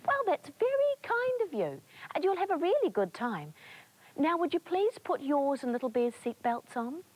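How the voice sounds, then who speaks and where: A woman's voice: sits high, sing-song, normal speed, a little mellow, pitched above the performer's own voice, poor audio. A woman voicing a friendly, polite air hostess who speaks helpfully.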